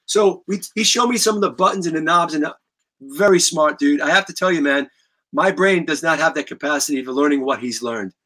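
Bright-voiced New man telling stories. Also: fairly high pitch, a little fast. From New York. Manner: animated, profane, rambling with restarts. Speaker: guest musician. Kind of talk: casual storytelling.

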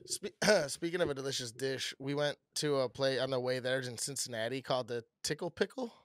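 A man's voice: mid-range voice, fairly quick, dry recording, clean studio sound. A young man from Chicago co-hosting a podcast, telling stories in casual chat, swearing often and mimicking people. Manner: animated storyteller, swears a lot, mimics people. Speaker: podcast co-host.

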